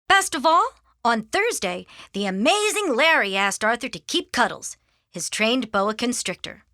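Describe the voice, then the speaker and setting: A woman narrates a children's storybook in a high, bright voice. Her sing-song reading swings widely in pitch at an unhurried pace, recorded dry and close. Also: sing-song, no room sound. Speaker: audiobook reader.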